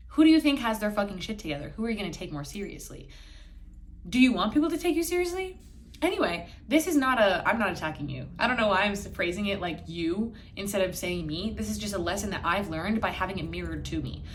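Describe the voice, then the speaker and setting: A young woman talks straight to her own camera indoors in a candid solo podcast, blunt and casual with frequent swearing. She keeps slipping into quoted voices to make her point, with a mid-range voice. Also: medium pitch. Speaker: podcast host. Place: indoors, filming herself on camera.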